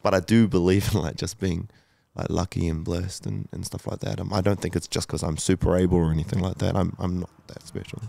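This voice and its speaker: A man's voice: low-pitched, fairly even intonation, brisk, vocal fry, hardly any pauses, dark tone. A man in his thirties, a podcast guest, telling his story candidly and emotionally, with lots of swearing, fillers and restarts. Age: 30s.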